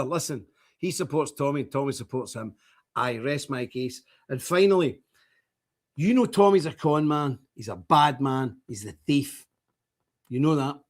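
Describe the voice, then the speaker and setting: An older man from Britain, hosting a stream with a fiery, preachy, defiant rant. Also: on the high side. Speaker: streamer host. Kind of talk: impassioned livestream rant.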